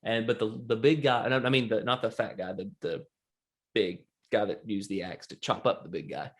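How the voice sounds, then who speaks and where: A man's voice: fairly low pitch, fairly even intonation, fairly quick. Rambling man telling stories. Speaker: podcast co-host. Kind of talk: casual chat.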